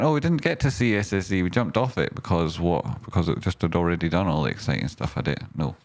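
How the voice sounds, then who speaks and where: Rambling man with a low voice. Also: animated, fast talker, hardly any pauses. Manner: rambling, profane, swings into loud rants; talks to himself and his audience. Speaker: stock market show host. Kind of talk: casual chart commentary.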